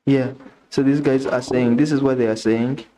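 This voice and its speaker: A young man with a Ugandan English accent, chatting casually on a live stream, reading messages aloud and thinking out loud with restarts and questions. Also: mid-range voice, steady tone, normal speed, a little hiss or hum, low-quality recording.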